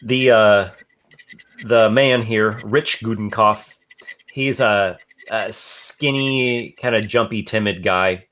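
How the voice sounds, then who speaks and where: Guy game-mastering a tabletop game, lowish voice, halting, lots of ums. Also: fairly bright tone. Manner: halting, many fillers and restarts.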